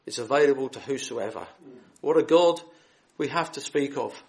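A man's voice: mid-range voice, moderate pace, a little mellow. A man preaching the gospel in a hall, reading scripture aloud and then appealing earnestly and directly to his listeners. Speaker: lay preacher.

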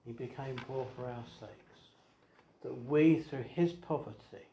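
A man preaches in a roomy, echoing hall at a middle pitch. He asks his listeners one rhetorical question after another. He drops to quiet asides and then rises to firm emphasis. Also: unhurried, slight background noise. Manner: rhetorical questions, swings between soft asides and raised emphasis. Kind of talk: evangelistic sermon. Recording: echoey hall.

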